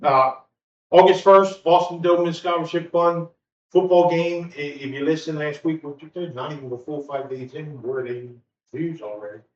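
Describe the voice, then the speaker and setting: A man's voice: a little high, fairly even intonation, normal speed. A man co-hosting a podcast, talking casually and plugging a local charity football game. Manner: easygoing, loose chat that drifts into plugging a local charity game. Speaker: podcast co-host. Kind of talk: casual chat. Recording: roomy, distant, muffled home recording with faint background noise.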